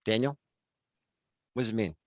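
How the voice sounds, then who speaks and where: A man's voice: on the low side, moderate pace, no echo. An older man in his sixties presenting a workshop over a video call, chatty and addressing attendees by name. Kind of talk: webinar workshop talk.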